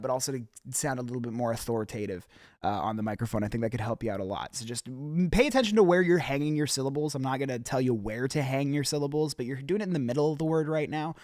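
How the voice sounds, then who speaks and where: A man's voice: mid-range voice, dry recording, clean studio sound. A young man hosting a rap feedback show, giving candid casual critique with frequent swearing and many ums and restarts.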